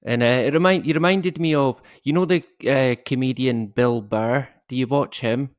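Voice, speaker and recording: A man's voice: mid-range voice, normal speed, dry recording, studio quality. A man chatting as a guest, hesitant and laughing as he tells stories. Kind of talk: casual chat.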